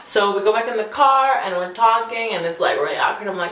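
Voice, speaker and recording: A young adult woman vlogger telling a story in a lively, chatty way, acting out what people said and leaning on lots of "like" fillers. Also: medium pitch, a little fast. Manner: animated, acts out quotes, many "like" fillers. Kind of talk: storytime vlog. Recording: echoey room with faint hum.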